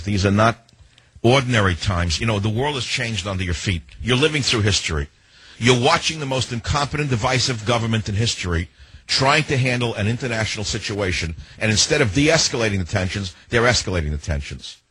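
Gravelly-voiced talk radio man, repetitive. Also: fairly low pitch, a bit bright, dry recording. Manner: emphatic, repeats phrases, sardonic. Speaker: radio talk show host. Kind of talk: political talk radio monologue.

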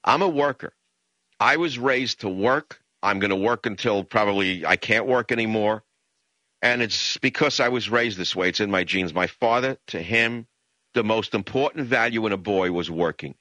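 An older man from the Bronx delivers an impassioned talk-radio monologue. His low voice has a hard, forceful edge, and the sound is dry and close with no room around it. He leans into emphatic, ranting stretches and jumps up high to mock. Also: moderate pace, no echo. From the Bronx, New York. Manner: emphatic, ranting, swings into high mocking outbursts.

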